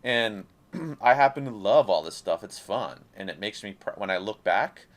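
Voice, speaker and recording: An independent creator speaking to camera delivers a passionate, profane, rambling monologue in a casual talking-head style. His voice is on the low side and animated, at a normal speed.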